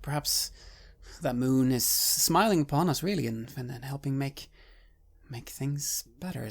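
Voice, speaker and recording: A player speaking in character in a tabletop game, halting and earnest. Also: mid-range voice, gravelly, breathy edge.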